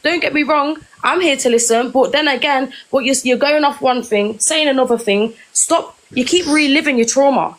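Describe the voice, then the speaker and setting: A high-pitched woman speaks into her phone from her kitchen on a live stream. She is blunt and swears freely, lecturing the other guest in long stretches. Her tone is firm and exasperated. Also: moderate pace, few pauses, poor audio. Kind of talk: heated live-stream argument. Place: home kitchen.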